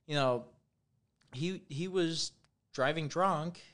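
Loud, rambling American podcast host. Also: male voice, on the high side, takes it slowly. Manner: loud, rambling, swears freely. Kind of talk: casual podcast chat.

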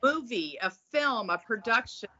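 A woman with a fairly high, bright voice, speaking as a podcast guest. She is earnest and restarts her sentences as she works through her thoughts. The sound is dull and lo-fi. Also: expressive, measured pace. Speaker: guest, executive producer. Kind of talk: casual conversation. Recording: dull lo-fi recording.

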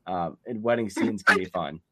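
A man's voice: low voice, moderate pace, bright, forceful tone, a little hiss or hum. A man with a sick voice, hosting a casual podcast chat in an upbeat, jokey way. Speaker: podcast host.

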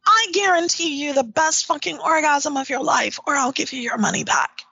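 A woman's voice: high voice, normal speed, vocal fry, pushed and bright, no room sound, poor audio. A woman being interviewed about her work as a dominatrix. She talks bluntly and emphatically and swears freely. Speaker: dominatrix guest. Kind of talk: candid interview talk.

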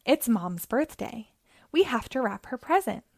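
A woman voicing Jenny, an eager, kind young girl mouse with a squeaky voice. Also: sing-song, a little slow, vocal fry, breathy edge, heavily acted.

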